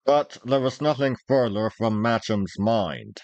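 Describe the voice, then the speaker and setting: A man's voice: medium pitch, unhurried, a little mellow, dry recording, dull audio. A man reading a classic adventure novel aloud chapter by chapter, giving the characters lightly different voices. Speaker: audiobook reader.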